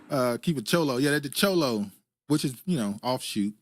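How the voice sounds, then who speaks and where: A man's voice: medium pitch, animated, measured pace, long pauses, no echo, faint music behind. A man hosting a podcast, reacting casually to comments and clips and chuckling often. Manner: laid-back, chuckling, fillers. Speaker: podcast host.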